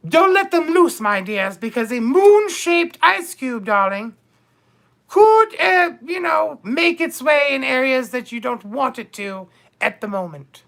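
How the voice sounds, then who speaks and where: A man's voice: extremely high pitch, gravelly, fairly bright tone, full character voice. A man playing a bawdy, gossipy older duchess on a comedic live stream, theatrically calling viewers darling and my dears.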